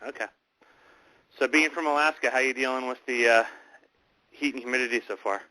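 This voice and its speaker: A man hosting a casual online radio chat, talking in a halting, rambling way with many restarts. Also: medium pitch, fairly even intonation, bright, forceful tone, no room sound, rough recording. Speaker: host.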